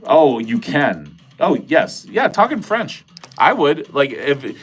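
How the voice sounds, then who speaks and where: A man's voice: on the high side, sing-song, slow pace, husky, soft background music. A man with a nasal Midwestern American accent hosting a livestream, rambling casually, swearing freely and joking with his chat. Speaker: livestream host.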